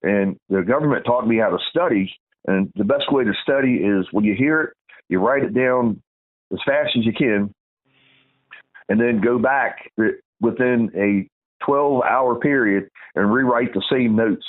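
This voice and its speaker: A man's voice: medium pitch, unhurried. A middle-aged man tells a long story in casual talk. He rambles, restarts often and gets heated as he goes. His voice comes through a tinny, phone-like channel.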